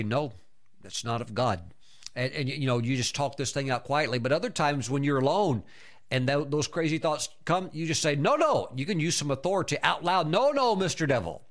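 A man, a pastor, preaching a sermon in an emphatic, animated way, with repeated exclamations. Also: on the high side.

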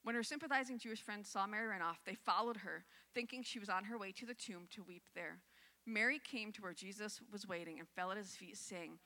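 Bright-voiced woman preaching in a hall. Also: medium pitch, brisk. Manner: reads scripture then reflects conversationally. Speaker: pastor. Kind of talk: sermon.

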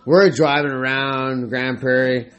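A man's voice: mid-range voice, fairly even intonation, unhurried, fairly bright tone, highs cut off. A man co-hosting a podcast, telling a story in casual chat, laughing often, swearing, and acting out what people said. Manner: laughing, swearing, acts out quotes. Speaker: podcast co-host.

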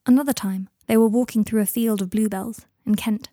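A woman narrating a fan fiction story in a soft, low-key way that drops to whispers. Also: fairly even intonation, fairly quick, no echo, studio quality. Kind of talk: audiobook reading of fan fiction.

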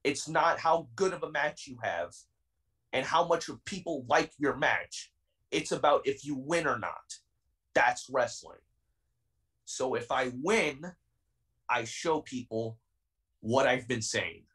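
A young man in his twenties speaks as a wrestling guest on a podcast. His delivery is heated and defiant, and he pushes every point hard. His voice sits at an ordinary pitch and sounds slightly distant from the microphone. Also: lively intonation, slow, long pauses, a bit bright. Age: 20s. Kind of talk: podcast interview.

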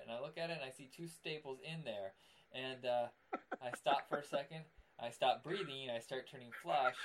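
A young man co-hosting a podcast, chatting casually and acting out his stories with loud outbursts. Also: mid-range voice, normal speed, a little hiss or hum. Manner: animated storyteller, acts out scenes with loud outbursts. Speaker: podcast co-host. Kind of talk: casual chat.

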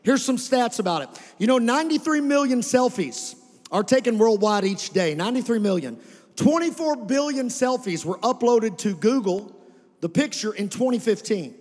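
A male pastor in a church sanctuary delivers a sermon in a loose, conversational way, now and then calling on the congregation to respond. His voice sits very high for a man. The sound carries a long reverb from the hall. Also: animated, normal speed, darkish tone. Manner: conversational preaching with calls to the congregation.

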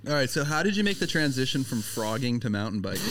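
A man's voice: on the high side, very noisy. A man hosting a podcast, asking questions and teasing the others. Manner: teasing, laughs a lot. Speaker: podcast host. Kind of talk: casual chat.

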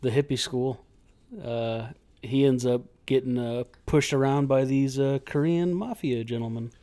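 A man's voice: medium pitch, moderate pace, dark tone. Sardonic man chatting about a movie. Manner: sardonic, laughs easily. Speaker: podcast co-host. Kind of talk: casual chat reviewing a movie.

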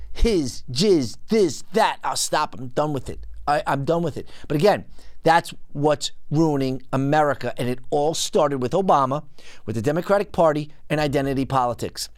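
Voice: animated, measured pace, no echo, studio quality. Indignant, emphatic political commentary host. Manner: indignant, emphatic ranting with big pitch swings. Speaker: podcast host.

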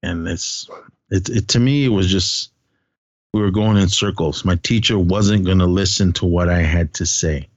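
A man's voice: low voice, normal speed, dry recording, dull audio. A man co-hosting a casual film podcast, retelling a story in a rambling way with many fillers. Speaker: podcast co-host.

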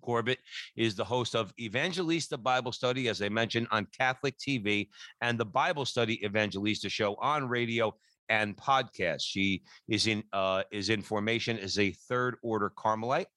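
Man, radio co-host, bright forceful tone, dry close sound, chatty. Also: fairly low pitch, moderate pace, no echo. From New Jersey. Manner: upbeat, chatty, many fillers. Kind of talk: radio talk show hosting.

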